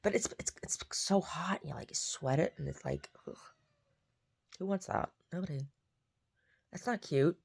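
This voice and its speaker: A woman's voice: on the low side, normal speed, vocal fry, long pauses, a little mellow, breathy edge, whispered. A woman who paints, chatting casually to camera in a rambling way, often repeating herself. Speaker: painter vlogging her day. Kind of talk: casual chat.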